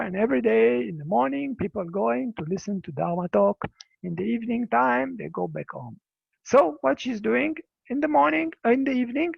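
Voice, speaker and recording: Male Buddhist teacher, halting storytelling English; high, dry voice over a lo-fi video call. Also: vocal fry, slightly rough, dry recording. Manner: halting non-native English, repeats words. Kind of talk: dharma talk storytelling. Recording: dull lo-fi video call audio.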